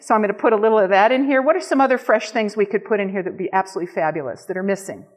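A woman with a medium-pitched voice talks very fast while leading a small-group nutrition and cooking class. She gushes enthusiastically through her live cooking demonstration.

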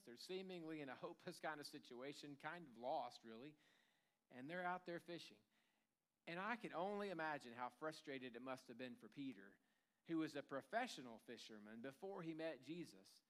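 A man's voice: fairly high pitch, animated, moderate pace, fairly bright tone. A pastor giving a sermon in a casual storytelling way, acting out the lines of the people in his stories. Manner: conversational storytelling, acting out quotes. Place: church.

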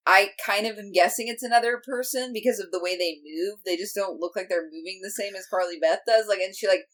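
A woman's voice: mid-range voice, brisk, a bit bright. A woman co-hosting a podcast, recapping an episode in casual chat, giggly and full of "like". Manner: chatty, giggly, lots of "like".

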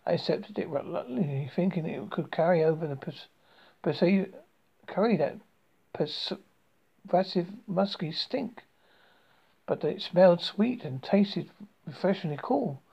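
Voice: mid-range voice, animated, a little slow, vocal fry, long pauses, slightly rough, muffled recording. A narrator reading a first-person story aloud in an amateur style, with frequent stumbles and restarts.

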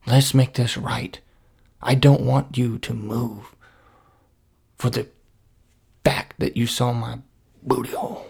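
A man vlogging, telling a meandering comic story in a laid-back deadpan way. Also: mid-range voice, slow pace, creaky, long pauses, husky. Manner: meandering, deadpan, lots of "you know".

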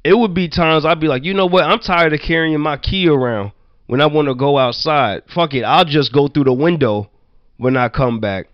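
A man from Virginia telling childhood stories in casual chat, loose and profane, full of "like" and quick laughs. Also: on the high side, dry recording, lo-fi sound. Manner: loose, profane, laughing anecdotes with many "like" fillers. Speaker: storyteller.

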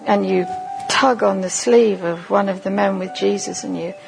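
A woman giving a sermon at a conference, leading listeners through a vivid imagined story in a slow, deliberate second-person voice. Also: mid-range voice, steady tone, vocal fry, music in the background, rough recording. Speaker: conference speaker.

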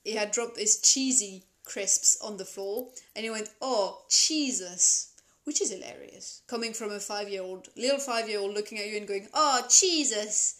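A woman's voice: medium pitch, fairly even intonation, fairly quick, hardly any pauses. A woman co-hosting a podcast, telling a story in casual chat, giggly, with the hiccups. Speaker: podcast co-host.

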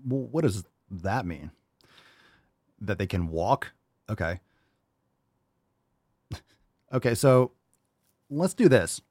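Man, podcast host, sarcastic commentary, very animated pitch, dry close-miked sound. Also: takes it slowly, long pauses, husky, no echo. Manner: mocking, sarcastic, profane, swings from loud outbursts to muttering. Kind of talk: sarcastic commentary reacting to a read-out article.

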